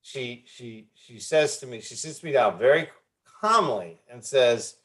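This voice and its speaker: A man's voice: medium pitch, lively intonation, a little slow, fairly bright tone. A man in his fifties, a guest on an interview podcast, telling a personal story candidly with frequent restarts and repeated words. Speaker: guest, founder of a recovery movement.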